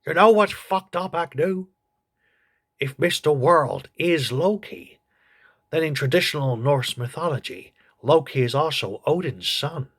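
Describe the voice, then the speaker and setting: A man voicing a crude, gossipy old male politician who reviews a TV show in a comedy sketch, with a husky voice. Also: fairly high pitch, lively intonation, unhurried, a bit bright, exaggerated voice. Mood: snarky.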